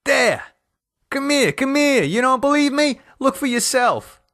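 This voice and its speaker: A man voicing a panicky, crude middle-aged husband in an audio horror story, shouting and swearing frantically. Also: very high voice, lively intonation, a little slow, no room sound, clean studio sound, pitched above the performer's own voice, exaggerated voice. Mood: frantic.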